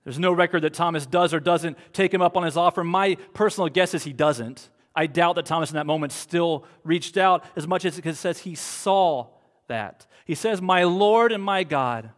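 A male pastor in his thirties preaches with a high-pitched voice. His delivery swings from lively, animated storytelling to quiet, hushed appeals. The sound carries a long reverb from a church hall. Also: moderate pace. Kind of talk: sermon.

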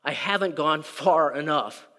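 A man's voice: fairly high pitch, a little slow, sharp tone. A man pastor preaching a conversational sermon, often repeating words and acting out quoted prayers. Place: church sanctuary. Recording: reverberant hall.

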